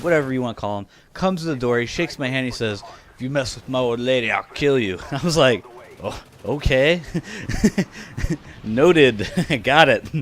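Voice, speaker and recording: A man's voice: mid-range voice, a little hiss or hum. A man in his twenties telling funny personal stories to his viewers in a casual, chatty way, often laughing and saying "you know". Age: 20s. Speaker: vlogger. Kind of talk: casual storytelling to camera.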